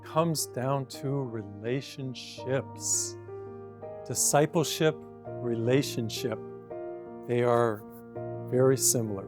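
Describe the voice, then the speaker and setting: A male priest giving a short homily in an earnest, storytelling way, gently urging his listeners. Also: mid-range voice, takes it slowly, pauses often, music in the background.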